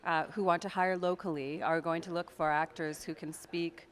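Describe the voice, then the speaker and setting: A woman's voice: fairly low pitch, fairly even intonation, normal speed. A woman with a Canadian accent, an actress and accent coach, explaining and demonstrating pronunciation in an interview. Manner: explanatory, demonstrates words aloud, laughs often. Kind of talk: interview answers.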